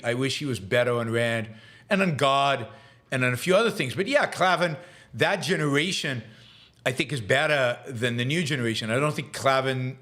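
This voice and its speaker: A medium-pitched, fairly bright-voiced man runs a live show, responding to viewer questions with firm opinions. He grows emphatic into heated ranting, and his reflective moments bring hesitant fillers and repeated words.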